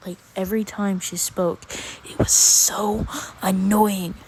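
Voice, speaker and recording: A woman's voice: mid-range voice, steady tone, darkish tone, a little hiss or hum, poor audio. A teenage girl telling a storytime rant in a casual, exasperated, slangy way. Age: teens. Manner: exasperated, slangy, drawn-out pauses. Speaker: vlogger.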